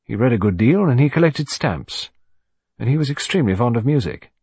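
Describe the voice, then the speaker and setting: A gruff middle-aged navy commander, as a narrator plays him, blunt and emphatic. The voice is a little husky, with lively rises and falls. Dry, close storybook recording. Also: male voice, mid-range voice, a little fast, dry recording. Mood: musing.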